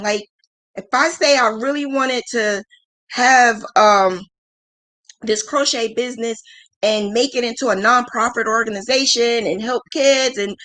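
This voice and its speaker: A woman's voice: on the high side, a bit bright. A woman in her thirties hosting a livestream in casual chat. She rambles frankly, often laughs, and pokes fun at herself. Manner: frank and self-deprecating. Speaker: livestream host.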